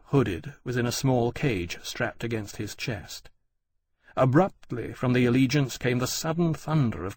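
A man reading a novel aloud in even, measured scripted narration. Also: mid-range voice, dry recording. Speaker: audiobook narrator.

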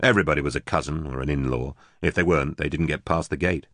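Deep-voiced male audiobook narrator. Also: fast, a bit bright, no room sound, clean studio sound. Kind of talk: scripted narration.

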